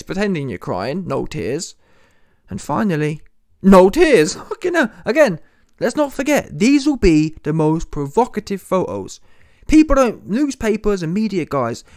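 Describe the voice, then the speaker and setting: A man's voice: on the high side, darkish tone, no room sound, studio quality. A young man, giving an exasperated, sarcastic reaction commentary straight to his viewers. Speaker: boxing commentator.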